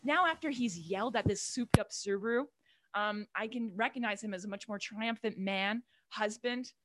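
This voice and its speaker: A woman's voice: medium pitch, normal speed, no room sound. A young woman doing stand-up comedy in a small club, telling a rambling, profane story with lots of asides.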